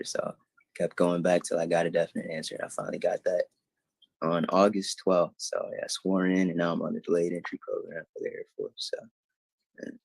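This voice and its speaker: Young guy, deep flat voice, dry sound, kinda halting on a video call. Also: no echo, poor audio. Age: young adult. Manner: plain, low-key, a bit halting. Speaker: former student, guest.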